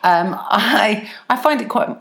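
A middle-aged woman chatting casually, telling animated stories with frequent laughter. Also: medium pitch, slow, creaky. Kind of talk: casual chat.

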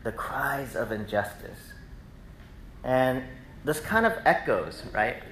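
A man preaching a sermon in a relaxed, conversational way, telling animated stories to the congregation. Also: mid-range voice, takes it slowly, echoey room, a little hiss or hum, rough recording. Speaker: pastor. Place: church sanctuary.

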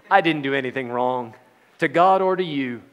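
A man's voice: mid-range voice, a little slow, smooth, big-room sound, lightly acted. A man voicing a cheerful, unbothered young prophet in a breezy, joking manner.

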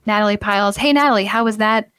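A woman's voice: mid-range voice, quick pace, a bit bright, clean tone. A woman hosting a marketing podcast in a chatty, upbeat way, laughing often. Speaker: podcast host. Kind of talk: casual podcast chat.

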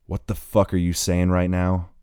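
A man's voice: deep voice, monotone, moderate pace, clear, resonant tone, no echo, lightly acted. A man reading the lines of an angry, heartbroken young man who has been drinking and swears bitterly. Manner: bitter, swearing, close to shouting.

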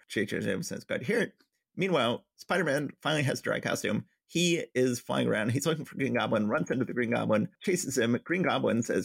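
Man, podcast co-host, gravelly, husky, casual plot recap, dry sound. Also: medium pitch, expressive, brisk, dry recording. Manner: summarizes plots, reading quotes in a light voice. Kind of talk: casual comic-book recap chat.

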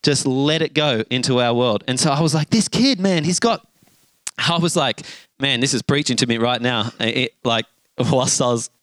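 Animated man preaching. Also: medium pitch, moderate pace, no echo. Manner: animated storyteller, acts out voices with shouts and gasps. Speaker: pastor. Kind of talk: sermon with storytelling.

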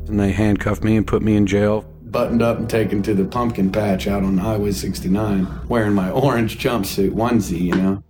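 A young man from with a drawl tells his story in a loose, plainspoken way, filling it with little asides. His voice sits a bit low. Guitar music plays under him the whole time. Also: a little fast, hardly any pauses. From East Texas. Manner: casual, plainspoken, drawling with frequent fillers. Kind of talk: personal story told to a radio show.

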